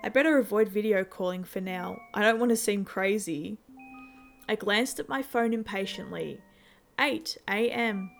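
A woman narrating a first-person suspense story in a tense, steady way, with faint music behind her. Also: mid-range voice, moderate pace, gravelly. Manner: tense, steady storytelling with sudden shouted outbursts.

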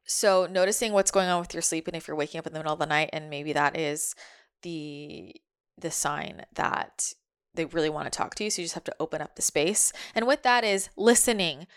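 A woman's voice: low voice, brisk, smooth. A young adult woman speaking casually as a spiritual medium, chatty and full of fillers, passing on what her spirit guides are telling her.

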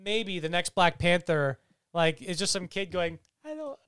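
A man's voice: sits high, a little slow, smooth, dry recording, studio quality. A man co-hosting a podcast, chatting casually and joking, acting out lines in funny voices. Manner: animated, jokey, acts out quotes in funny voices. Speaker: podcast co-host. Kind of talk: casual chat.

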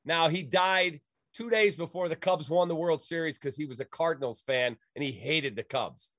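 A man's voice: a little high, moderate pace, no echo, clean studio sound. A middle-aged man from the Chicago area, telling a story in casual talk and acting out the voices of the people in it. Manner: lively, acts out quoted voices.

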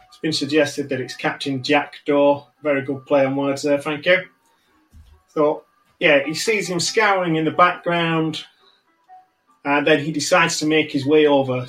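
A man running a tabletop game as game master, narrating in a relaxed, conversational way. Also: fairly high pitch, poor audio.

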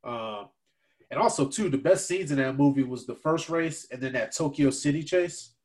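Casting: man, mid-range voice, relaxed podcast co-host, easygoing. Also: medium pitch. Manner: easygoing, agrees a lot with quick yeps. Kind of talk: casual movie chat.

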